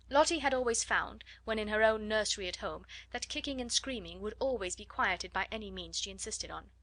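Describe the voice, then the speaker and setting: A woman narrating a classic children's novel in a measured storytelling manner. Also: medium pitch, a bit bright, no echo. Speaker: audiobook narrator. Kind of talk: scripted audiobook narration.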